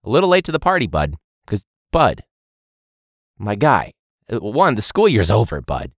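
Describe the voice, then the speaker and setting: A man hosts a casual podcast and rants with sarcasm, laughing and swearing mid-thought. His pitch swings widely from low mutters to high outbursts. The recording is dry and close-miked with no room sound. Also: huge pitch swings, normal speed, no room sound. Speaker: teacher and podcast host.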